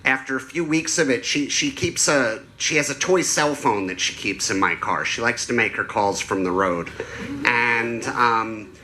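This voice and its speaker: A man doing a stand-up comedy set on a club stage, telling crude deadpan stories into a handheld mic. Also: mid-range voice, unhurried, a little hiss or hum. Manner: deadpan storytelling with crude jokes.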